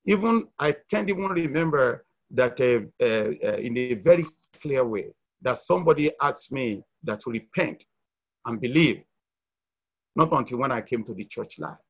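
A middle-aged man from Nigeria gives a heartfelt church testimony in a mid-range voice. He hesitates and restarts often, swinging between loud emphasis and quiet asides. The recording sounds dull and lo-fi. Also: mid-range voice, animated, normal speed. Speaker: church member giving a testimony. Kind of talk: testimony sharing at a church meeting.

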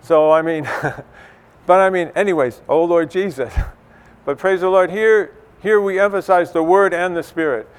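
Smooth-voiced man giving casual church teaching. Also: high-pitched, unhurried. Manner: conversational, many fillers and restarts. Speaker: church speaker.

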